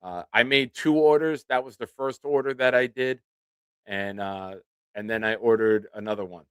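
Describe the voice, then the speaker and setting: A man in his forties with a voice on the low side hosts a live sports show, chatting casually with viewers while nursing a swollen tooth. A podcast host in a casual live-stream chat, he's relaxed, chatty and self-deprecating, speaking at normal speed in a smooth voice with no echo.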